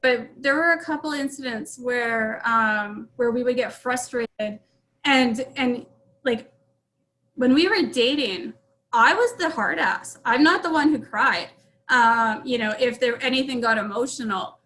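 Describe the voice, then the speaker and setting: A woman's voice: fairly high pitch, a little slow, a bit bright, rough recording. A middle-aged woman, an interview guest, telling a personal family story in a frank, rambling way full of fillers and restarts.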